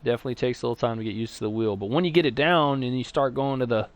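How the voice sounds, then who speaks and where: A man with a Texan accent calling a sim racing league live, chatty between races and excitable play-by-play once the lights go out. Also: medium pitch, rapid-fire. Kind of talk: live esports race commentary.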